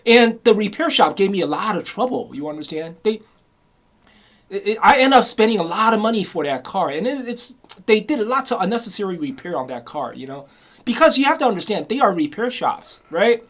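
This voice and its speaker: Hombre indignado que despotrica sin parar. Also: male voice, sits high, fairly bright tone. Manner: heated, profane, repeats himself, frequent "you know?". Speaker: vlogger. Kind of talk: casual ranting monologue.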